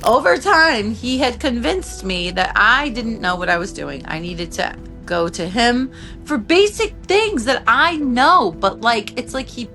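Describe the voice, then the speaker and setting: A woman in her thirties giving a personal testimony, talking in halting bursts with restarts and a lot of "like". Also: on the high side, sing-song, pushed and bright, faint music behind. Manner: halting, many restarts and filler "like". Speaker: survivor telling her own story.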